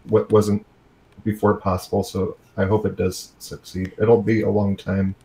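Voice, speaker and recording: A man's voice: lowish voice, completely flat delivery, a little slow, dark tone, low-quality recording. A man on a casual gaming podcast panel who laughs a lot and stays upbeat.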